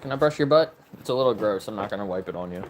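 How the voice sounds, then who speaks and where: A man filming on his phone outdoors in a yard, talking to rescue dogs. He swears casually and often slips into high, sing-song baby talk. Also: expressive, rapid-fire, noisy background. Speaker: vlogger at a dog rescue. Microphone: phone camera held in hand.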